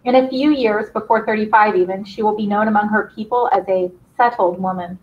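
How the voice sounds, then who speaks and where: A woman teacher leading her class and reading a play's stage directions aloud in a brisk, encouraging way. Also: mid-range voice, steady tone. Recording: slightly dull lo-fi sound.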